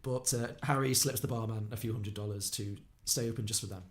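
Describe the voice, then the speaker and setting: A man on a podcast, retelling a film plot quickly and acting out the characters' lines. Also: lowish voice, fairly even intonation. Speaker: podcast co-host. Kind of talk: casual film podcast recap.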